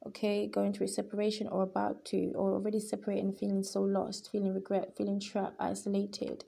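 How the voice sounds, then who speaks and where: A woman's voice: mid-range voice, completely flat delivery, fairly quick, gravelly, dark tone, slightly rough. A woman giving a tarot reading to her viewers, talking in an earnest, emotional way and repeating her points with emphasis. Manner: emphatic and repetitive, often addressing viewers as guys. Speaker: tarot reader.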